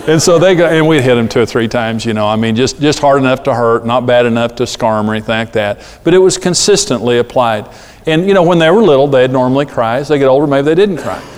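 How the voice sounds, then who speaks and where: A middle-aged man preaching a sermon on parenting, animated and acting out the voices he quotes. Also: mid-range voice, fast talker, clear, resonant tone. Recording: long hall reverb.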